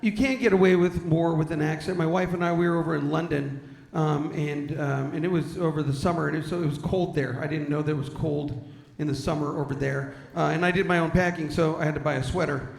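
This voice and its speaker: A man's voice: a little high, steady tone, fairly quick, vocal fry. A man from San Diego doing a stand-up comedy set, telling self-deprecating stories about his family and slipping into character voices. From San Diego, California. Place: large hall with audience. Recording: echoey live hall.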